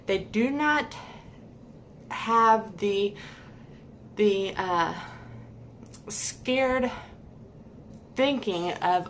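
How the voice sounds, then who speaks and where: A woman's voice: mid-range voice, expressive, slow pace, pauses often, a bit bright, slight background noise. A woman giving a heated, emphatic opinion rant to camera, repeating points for stress. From United States. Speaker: vlogger.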